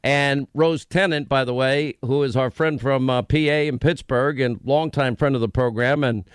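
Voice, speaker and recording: A man's voice: medium pitch, fairly even intonation, normal speed, smooth, no echo, studio quality. An American man hosting a talk radio show, rambling along with restarts and fillers. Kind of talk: casual talk radio banter. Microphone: studio microphone.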